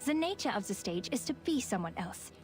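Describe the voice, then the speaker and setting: A woman's voice: a little high, big pitch swings, a little fast, faint music behind. An actress voicing a cool-headed, knowing woman in game dialogue. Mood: composed.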